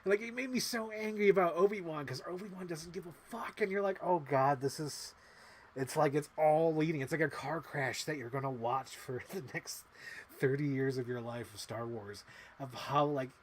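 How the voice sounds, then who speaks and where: A man hosting a casual livestream, rambling excitedly and swearing often, acting out little movie quotes as he talks. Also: on the high side, moderate pace. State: emotional. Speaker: livestream host.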